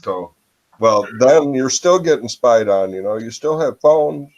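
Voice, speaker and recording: A man's voice: mid-range voice, animated, a little slow, lo-fi sound. A man from Michigan hosting a casual chat over a video call, musing and hesitant, often trailing off with "I don't know.".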